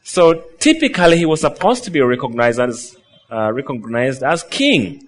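A man preaching a sermon, reading scripture slowly and then retelling the story with quoted lines. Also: mid-range voice, animated.

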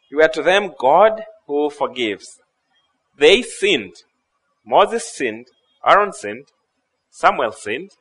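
A man preaching a sermon, retelling scripture stories with lively acted-out dialogue and occasional laughs at his own retellings. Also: a little high, poor audio. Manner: animated storytelling, acting out dialogue.

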